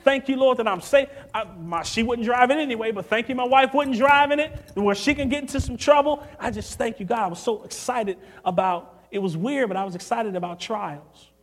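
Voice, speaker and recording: Animated high-voiced male preacher. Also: fairly quick, hardly any pauses. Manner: animated, acts out quotes, swings from loud to hushed. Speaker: youth preacher. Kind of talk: storytelling sermon.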